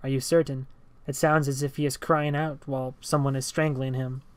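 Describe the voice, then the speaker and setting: A man doing a hushed, robotic stranger. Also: mid-range voice, clear, resonant tone, dry recording, lightly acted. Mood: measured. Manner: speaks robotically, flat, measured, hushed. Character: thin eerie male stranger, calm, stilted.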